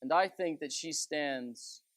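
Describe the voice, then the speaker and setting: Speaking slowly in a fairly bright voice on the high side, a man delivers a conversational sermon as a preacher. He's chatty and folksy, with many stories, asides and "you know"s, and there's no echo.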